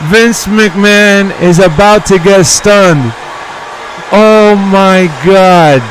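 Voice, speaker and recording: Man, high voice, very slow drawl, excitable and profane, live-stream reaction. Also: slight background noise, poor audio. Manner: excitable and profane, calls viewers bro and dog. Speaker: streamer host.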